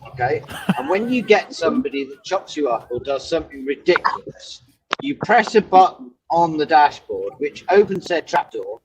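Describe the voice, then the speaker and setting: A man on a call from his truck cab, his voice fairly high and lively as he spins long, silly stories with frequent laughs. A faint hiss of noise sits under the line. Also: moderate pace. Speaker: truck driver. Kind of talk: casual chat.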